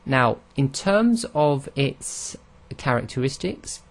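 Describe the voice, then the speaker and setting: A man's voice: mid-range voice, sing-song, takes it slowly. A man teaching Arabic pronunciation in a recorded lesson, explaining patiently step by step and sounding out each letter aloud.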